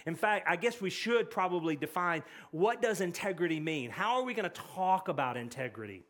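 High-pitched male pastor, earnest and conversational sermon delivery with frequent repetition. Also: expressive, fairly quick, fairly bright tone. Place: church sanctuary.

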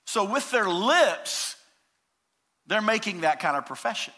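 Fervent pastor with a lively, swooping voice. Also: male voice, high-pitched. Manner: emphatic, swinging from loud declarations to hushed, drawn-out words. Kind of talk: sermon.

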